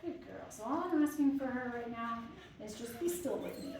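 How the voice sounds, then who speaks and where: A woman dog trainer speaks with a fairly high voice, keeping her commands hushed and low while calmly explaining her method. She is picked up from a distance in a very echoey room. Steady background noise sits behind her voice. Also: normal speed. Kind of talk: live training demonstration with commentary.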